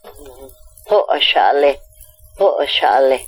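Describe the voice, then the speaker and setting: A woman modeling words for a language lesson, saying each one twice slowly and carefully. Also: very deep voice, expressive, breathy edge, soft background music. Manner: repeats each word twice, deliberate. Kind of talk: slow careful word repetition and sung rhyme.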